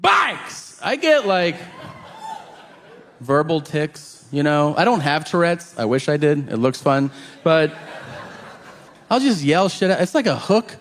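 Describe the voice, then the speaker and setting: Animated man telling stand-up stories. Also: a little high, measured pace, a little hiss or hum. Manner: animated, profane, acts out both sides of a dialogue. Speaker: stand-up comedian. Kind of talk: stand-up storytelling. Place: large venue with audience laughter. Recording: live hall recording with long reverb.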